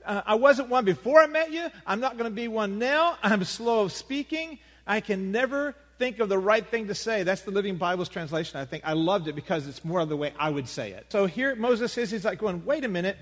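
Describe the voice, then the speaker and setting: A man preaching a sermon, talking plainly and conversationally, rising to loud emphasis and dropping to near-hushed quiet. His voice sits a little high for a man. A long reverb from a large hall trails every phrase. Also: expressive, fairly quick, few pauses. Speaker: pastor.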